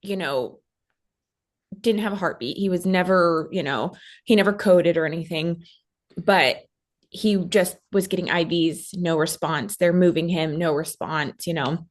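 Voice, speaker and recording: A woman in her thirties, a guest mother retelling a traumatic hospital week, talking quickly with many fillers and acting out what others said. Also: lowish voice. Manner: fast storytelling with many fillers, acting out quoted voices. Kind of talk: emotional personal recount.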